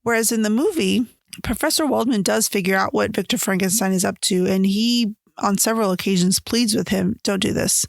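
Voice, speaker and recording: A woman's voice: mid-range voice, brisk, creaky, no room sound, clean studio sound. A woman hosting a casual solo podcast, chatting animatedly and acting out quoted lines in her retellings. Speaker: podcast host. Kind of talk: casual solo book-versus-movie chat.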